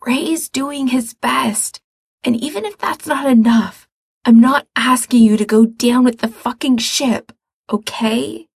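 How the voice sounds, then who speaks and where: A woman voicing a sick, weary young man who scolds his brother in sharp, exasperated words. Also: fairly high pitch, takes it slowly, gravelly, slightly rough, no echo, clean studio sound, pitched above the performer's own voice, exaggerated voice.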